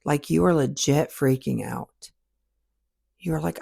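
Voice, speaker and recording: A woman's voice: low voice, slow pace, vocal fry, long pauses, mellow, husky. A woman hosting a podcast, talking straight to listeners in a direct, coaching monologue that repeats its points for emphasis. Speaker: podcast host.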